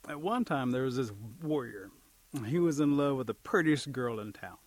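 A man telling a folk tale aloud, lively and acting out the characters' voices. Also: mid-range voice, moderate pace, no echo. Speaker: storyteller. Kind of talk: oral storytelling.

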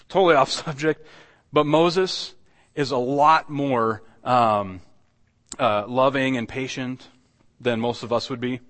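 A man with a mid-range, fairly bright voice preaches as pastor, talking earnestly and conversationally. His sermon is full of rhetorical questions for the congregation, recorded with long hall reverb.

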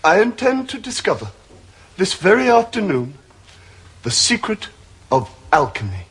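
A man's voice: sits high, wildly swooping pitch, a little slow, fairly bright tone, slightly rough, full character voice. An actor playing a dim, eager young nobleman who speaks in a lofty, theatrical way. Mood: earnest. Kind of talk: sitcom acting.

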